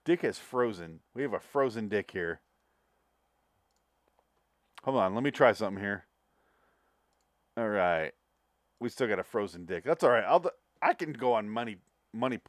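A man's voice: on the low side, expressive, normal speed, long pauses, no echo, clean studio sound. A man hosting a podcast, chatting casually about movies with rambling, profane, jokey talk. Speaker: podcast host. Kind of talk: casual movie review chat.

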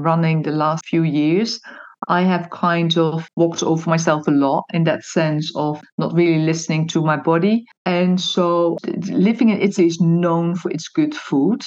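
Chatty woman on lo-fi call. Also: on the low side. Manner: chatty and animated, laughs often, restarts words. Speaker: podcast guest. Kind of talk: interview conversation.

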